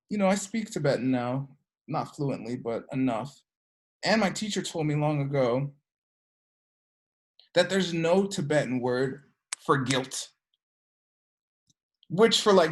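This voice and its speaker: Teaching energy work in a relaxed class, the speaker chats along with plenty of "like" and "you know," telling stories and voicing characters with abrupt jumps in pitch.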